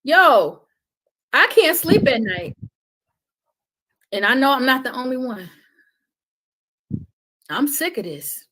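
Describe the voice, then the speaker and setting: A middle-aged woman talking passionately as a podcast guest, preachy and swinging between loud outbursts and hushed words. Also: high voice, sing-song, slow pace, long pauses.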